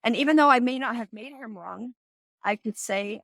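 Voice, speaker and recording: A woman's voice: a little high, normal speed, gravelly, a bit bright, no echo, clean studio sound. A middle-aged woman hosting a live self-help talk, earnest and coaching, acting out example conversations in her own voice. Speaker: host.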